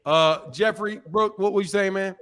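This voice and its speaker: High-voiced slangy male show host. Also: moderate pace, a crowd in the background. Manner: loose, slangy, laughs often. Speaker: show host taking callers. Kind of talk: casual call-in chat.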